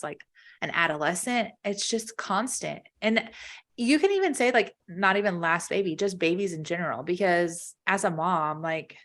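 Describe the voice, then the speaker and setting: Woman, 30s, podcast co-host, casual chat, rambling, fairly low voice. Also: fairly bright tone. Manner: rambling, heavy use of "like".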